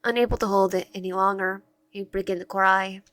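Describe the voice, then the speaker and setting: A woman reads a visual-novel game aloud in a mid-pitched voice, often tripping over words and starting them again. Her tone is plain and unhurried. The sound is dry and close, with no echo. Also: steady tone, a bit bright. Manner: stumbles and restarts words while reading. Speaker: game narrator and player.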